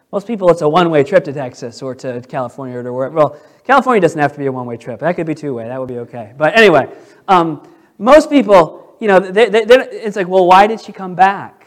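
A middle-aged male pastor preaching a sermon in a conversational way, dropping to a hush and then building to loud, emphatic stretches. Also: a little high, animated, quick pace.

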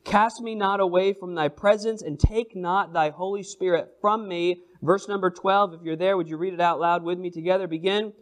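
A man with a notably high voice preaches a sermon. He moves between emphatic, rising calls and quiet, drawn-out readings of scripture. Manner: expressive preaching, swings from emphatic to hushed; reads scripture slowly in old-style wording.

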